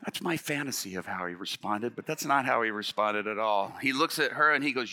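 Animated pastor preaching in a bright voice. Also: male voice, mid-range voice, a little fast, hardly any pauses. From Illinois. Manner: animated storyteller acting out dialogue, rising to shouts. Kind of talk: sermon storytelling. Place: church stage.

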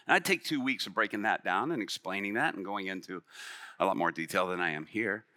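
A man, a pastor, telling a story in a sermon, acting out the dialogue and rising to shouts. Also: low-pitched, a little fast. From Illinois. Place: church stage.

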